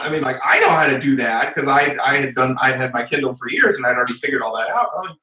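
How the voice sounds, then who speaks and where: A man guest chatting casually in an interview, telling stories in an animated way and acting out the people he quotes. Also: medium pitch, quick pace, hardly any pauses, echoey room, distant mic, rough recording. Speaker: podcast guest, software company founder.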